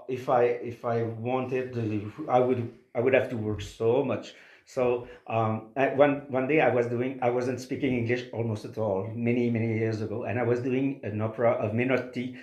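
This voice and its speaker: A man speaking English with a Québécois French accent; French is his first language. He talks in halting bursts full of restarts and fillers. His voice sits in a mid pitch and carries an echoey room sound. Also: a little mellow, lo-fi sound. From Quebec. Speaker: opera singer. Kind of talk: interview conversation.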